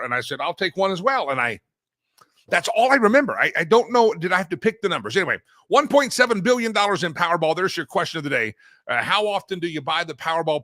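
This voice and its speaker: Male talk-show host, bright slightly high voice, rambling playful studio monologue. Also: dry recording. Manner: rambling, self-interrupting, playful. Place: broadcast studio. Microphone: studio microphone.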